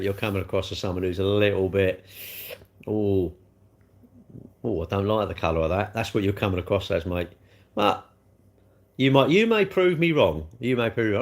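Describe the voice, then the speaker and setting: An older man, hosting a casual livestream, chatting in a rambling, blunt way while he answers viewer comments. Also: fairly low pitch. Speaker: livestream host.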